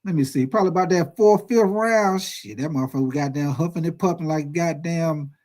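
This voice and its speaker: A man in his forties hosting a sports video, telling stories in a profane, animated, casual rant. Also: fairly high pitch, a little fast. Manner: profane, animated storytelling with lots of swearing.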